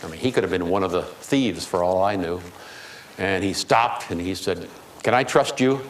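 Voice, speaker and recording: A man's voice: sits low, moderate pace. A man giving a speech to an audience, telling humorous anecdotes in a storytelling way. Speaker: keynote speaker. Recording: echoey hall with faint noise.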